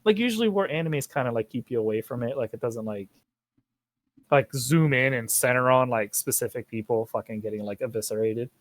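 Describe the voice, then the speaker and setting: A man's voice: mid-range voice, brisk, no echo. A young man hosting a casual podcast chat, rambling and swearing as he talks. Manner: rambling, profane, animated. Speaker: podcast host.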